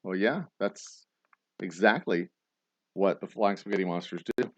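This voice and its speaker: A man's voice: low voice, measured pace, dull audio. A man hosting a casual livestream chat, rambling and sarcastic, with plenty of swearing. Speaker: host.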